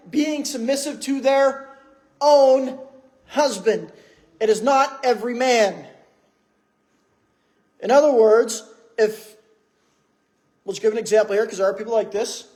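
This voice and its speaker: High-voiced man preaching a sermon. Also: a little mellow. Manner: conversational preaching with rhetorical questions. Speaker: pastor. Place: church.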